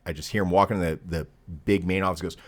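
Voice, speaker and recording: Guest: middle-aged man, very low voice, swears freely, animated storyteller. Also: fast. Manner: profane, animated anecdote teller. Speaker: podcast guest. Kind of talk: casual storytelling.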